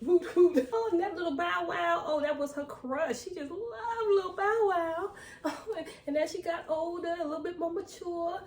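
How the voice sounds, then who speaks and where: A woman's voice: extremely high pitch, dark tone, roomy sound, distant mic. A woman playing a tearful mourner who laughs through her tears about her little dog.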